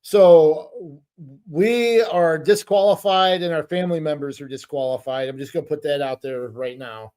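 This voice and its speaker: A man's voice: a little high, moderate pace, dark tone, clean tone. A middle-aged man co-hosting a podcast, telling stories in a rambling, hesitant casual chat. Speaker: podcast co-host.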